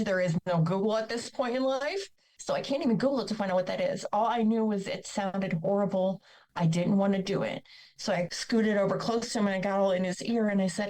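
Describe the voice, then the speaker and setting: A woman's voice: medium pitch, a little mellow, a little hiss or hum, rough recording. A woman speaking as a podcast guest, telling her own painful life story in a blunt, candid, emotional way. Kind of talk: personal storytelling.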